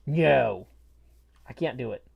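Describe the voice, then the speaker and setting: A man's voice: on the high side, lively intonation, normal speed, a little mellow. A man chatting playfully while streaming a game, his voice muffled by a mask. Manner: rambling, playful, jokey asides. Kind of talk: casual livestream chat while gaming. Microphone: mask worn over the face.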